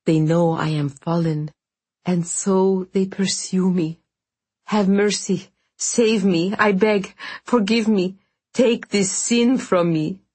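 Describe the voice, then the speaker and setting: A woman reading the part of an anguished male priest who pleads and presses urgently, in a husky voice. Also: low-pitched, lively intonation, moderate pace, darkish tone. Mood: pleading.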